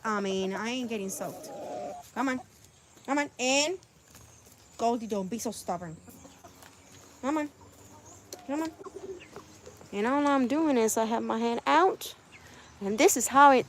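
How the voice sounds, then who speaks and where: A woman's voice: a little high, slight background noise. A woman vlogging outdoors by her chicken coop on a phone camera, chatting and coaxing her birds inside. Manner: coaxing, talks to her animals. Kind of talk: casual vlog chat.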